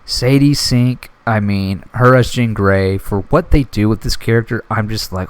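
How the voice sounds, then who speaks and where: A young man giving a casual solo movie reaction, excited and rambling, swearing often. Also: lowish voice, unhurried, hardly any pauses, smooth. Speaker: movie review vlogger.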